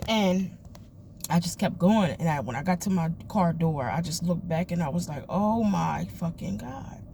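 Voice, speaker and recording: A woman's voice: fairly low pitch, normal speed, noisy background. Emotional woman venting in her car. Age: adult mother of children. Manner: candid, emotional, swears freely. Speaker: vlogger. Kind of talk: emotional personal vlog. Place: parked car.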